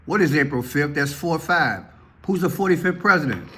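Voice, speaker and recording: A man, an online video commentator, talks casually to his viewers, repeating himself a lot and calling out to the audience. He speaks at normal speed with lively intonation and a slightly bright tone, and his pitch shoots up when he gets worked up. There's a little hiss or hum in the audio.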